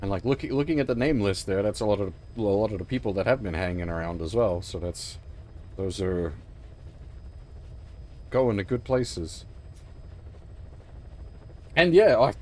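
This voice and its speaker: A man streaming a video game, talking casually in a rambling, emphatic way, swearing often and sounding emotionally choked up. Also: medium pitch. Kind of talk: casual livestream commentary.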